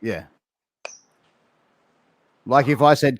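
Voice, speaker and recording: Aussie guy hosting a chat, jokey, drops f-bombs, normal pitch, video call. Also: a little fast, a little hiss or hum. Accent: Australian. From Australia. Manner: playful, swears casually. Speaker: host. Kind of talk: casual interview game.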